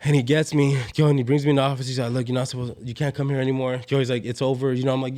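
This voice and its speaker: A man's voice: mid-range voice, fairly even intonation, fast talker, a little mellow. Slangy young LA man telling stories. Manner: rambling slangy storytelling, constant "yo" and "bro" fillers. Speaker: podcast guest. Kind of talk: casual storytelling.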